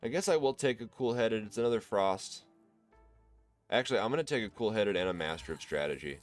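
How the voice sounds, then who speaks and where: A man with a Midwestern accent, casually commenting on his own card game run and thinking out loud to viewers. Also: fairly low pitch, animated, a little fast, faint music behind. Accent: American Midwest. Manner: thinks aloud, explains card choices to viewers. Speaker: gameplay commentator. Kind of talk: relaxed let's-play commentary.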